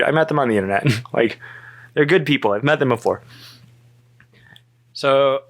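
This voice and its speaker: A man in his thirties telling a story in casual chat, animated, cursing freely and acting out both sides of the conversation. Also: lowish voice, dry recording. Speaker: podcast guest.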